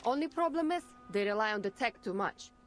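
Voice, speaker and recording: A man voicing a brisk female flight commander with a put-on Russian accent, clipped and matter-of-fact. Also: sits high, lively intonation, faint music behind, pitched above the performer's own voice. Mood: dry.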